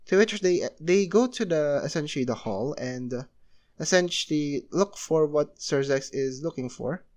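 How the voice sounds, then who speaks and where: A man's voice: on the high side, lively intonation, normal speed, darkish tone. A young man casually narrating a fan story, rambling with many fillers and restarts. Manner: rambling, heavy filler use.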